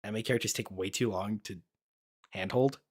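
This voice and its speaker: A man's voice: lowish voice, normal speed, husky. Blunt, rambling young man reacting to anime. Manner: blunt, profane, rambling with many fillers. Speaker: anime YouTuber. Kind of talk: casual reaction commentary.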